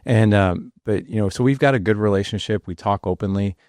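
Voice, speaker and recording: A man in his forties hosting a podcast, telling a story in a casual, animated way, acting out what people said with many restarts. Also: on the low side, fairly quick, dry recording, clean studio sound. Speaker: podcast host.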